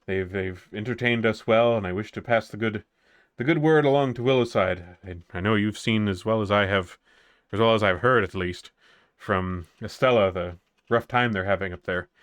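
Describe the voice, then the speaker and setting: A man's voice: fairly low pitch, moderate pace, fairly bright tone, natural voice. A man voicing a grateful older townsman who speaks earnestly and stumbles a little over his words. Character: kindly older male townsman, grateful and warm.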